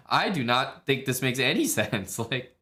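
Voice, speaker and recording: A man talks through chess moves on a live stream in a loose, blunt way, swearing freely and voicing his own inner questions. His voice is bright and forceful at a middle pitch.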